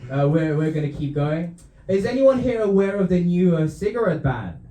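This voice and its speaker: A young stand-up comic from Romania works a club crowd, his voice swinging up and down as he chuckles through his own punchlines. His tone is warm and mellow, and the stage mic picks up the room's echo around him. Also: high voice, sing-song, normal speed. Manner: laughs often at his own jokes, dry asides. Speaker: stand-up comedian. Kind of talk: stand-up routine. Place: comedy club.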